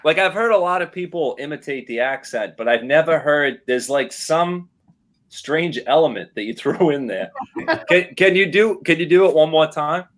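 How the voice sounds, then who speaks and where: A man's voice: on the high side, normal speed. A man from Rhode Island with a Rhode Island accent, a guest chatting casually in a rambling, self-deprecating way full of "like" fillers. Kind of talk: casual chat.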